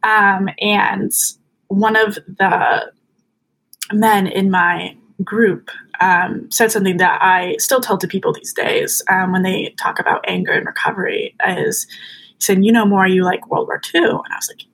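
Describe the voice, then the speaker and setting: A woman's voice: medium pitch, steady tone, measured pace, gravelly, a bit bright, slight background noise, rough recording. A young woman as a podcast guest, telling a personal story in an earnest, chatty way, full of fillers.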